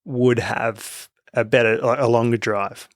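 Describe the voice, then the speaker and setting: A man's voice: mid-range voice, steady tone, a little slow, dry recording, clean studio sound. A young Australian man co-hosting a sports podcast, laid-back and casual, dropping "mate" often. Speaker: podcast co-host.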